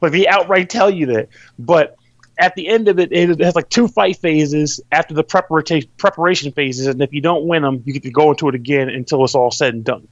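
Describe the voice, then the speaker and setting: A man's voice: a little high, fairly quick, no room sound, dull audio. Rambling, profane male podcast host. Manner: rambling, loose and profane, laughs often. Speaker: podcast host reviewing a game. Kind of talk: casual chat.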